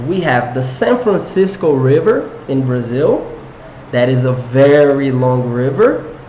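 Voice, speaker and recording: Guy teaching english online, slow and patient, asks lots of questions, faint hum behind, roomy sound. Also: on the high side, a little mellow, highs cut off. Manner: encouraging, quizzes viewers with questions. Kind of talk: live online English lesson.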